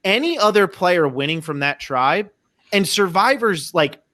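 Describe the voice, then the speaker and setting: A man hosts a casual podcast with enthusiasm, often repeating a word as he starts a sentence. His tone is bright and forward. The recording is dry, with no room echo. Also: sits high, lively intonation, measured pace. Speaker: podcast host.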